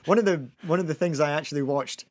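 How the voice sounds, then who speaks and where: A man co-hosting a podcast in casual chat, chatty and quick to laugh, sometimes repeating words as he restarts a sentence. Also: on the high side. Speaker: podcast co-host.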